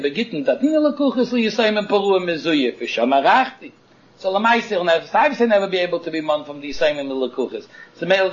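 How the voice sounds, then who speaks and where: A man teaching a Talmud lesson in a lively chanting singsong, arguing both sides of a case in the first person. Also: a little high. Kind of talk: Talmud study lecture. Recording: dull lo-fi recording.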